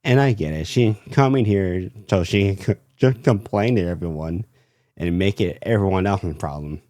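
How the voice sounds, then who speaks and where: A young man rambling through a casual storytime about his retail job. His voice sits very low, with a dark, mellow tone. The sound is dry and close, full of fillers and restarts. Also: normal speed, dry recording. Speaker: retail worker telling a story.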